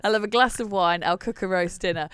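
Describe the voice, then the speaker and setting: A woman co-hosting a casual parenting podcast, chatting along with quick laughs and agreement. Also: medium pitch, fairly bright tone, clear, resonant tone, dry recording, studio quality. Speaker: podcast co-host. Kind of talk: casual chat.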